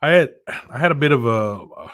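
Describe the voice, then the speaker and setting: A man co-hosting a casual chat show, rambling and animated, who rants with many restarts. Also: medium pitch, fairly quick, no room sound, studio quality. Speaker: podcast co-host.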